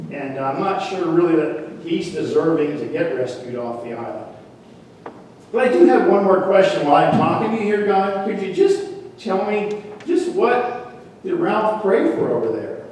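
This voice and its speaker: A man's voice: sits high, expressive, moderate pace, darkish tone, distant mic, a little hiss or hum. A man voicing a boastful castaway chatting earnestly with God in a sermon story, recorded from afar in an echoey church.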